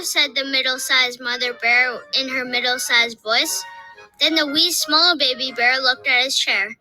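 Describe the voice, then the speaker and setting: A woman narrates a children's fairy tale with a high, very bright voice. Her reading is clear and lively, and soft music sits under the studio recording. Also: normal speed, rough recording. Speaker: storybook narrator. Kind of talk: scripted narration of a children's story.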